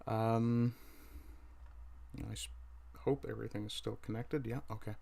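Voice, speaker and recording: Hesitant low-voiced man livestreaming. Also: fairly even intonation, unhurried, creaky, mellow. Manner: hesitant, many fillers, reads chat aloud. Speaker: livestream host. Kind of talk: casual livestream commentary. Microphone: mic right under the chin.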